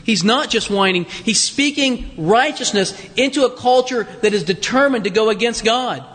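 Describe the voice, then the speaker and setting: A man preaching a sermon in a conversational, animated way, with restarts and rhetorical questions. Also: very high-pitched, normal speed. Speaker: pastor. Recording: long reverb of a large hall.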